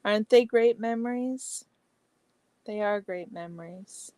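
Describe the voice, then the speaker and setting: A woman hosting a casual livestream chat, reading viewer comments aloud and answering each by name, chatty and exclamatory with soft asides. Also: mid-range voice, measured pace, smooth, no echo. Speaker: livestream host.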